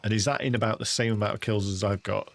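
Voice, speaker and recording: A man's voice: fairly low pitch, fairly even intonation, quick pace, gravelly. An English man chatting casually with viewers while livestreaming a hunting game, often calling them mate. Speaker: gaming livestreamer.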